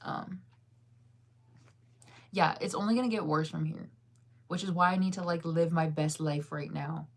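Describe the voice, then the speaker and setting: Her voice is low and gravelly, with fairly even intonation, a moderate pace, and long pauses. She's a worn-out vlogger in her thirties reading live chat, rambling casually, yawning, and leaning heavily on "like."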